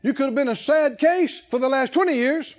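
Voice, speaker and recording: High-voiced man preaching with fervor. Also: brisk, muffled recording, faint music behind. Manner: emphatic preaching, repeating key phrases with rising intensity. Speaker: pastor. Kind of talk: sermon.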